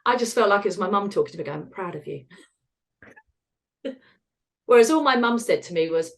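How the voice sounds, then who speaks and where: A woman, a podcast guest talking frankly about hard times, laughing at the dark parts. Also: medium pitch, lively intonation, rapid-fire. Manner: frank and self-deprecating, laughs at dark moments. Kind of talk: candid conversational storytelling.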